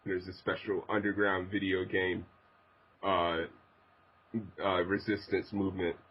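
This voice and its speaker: A man on a gaming podcast panel who talks slowly and haltingly and laughs often. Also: low-pitched, completely flat delivery, dull audio, slight background noise. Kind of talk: casual group chat.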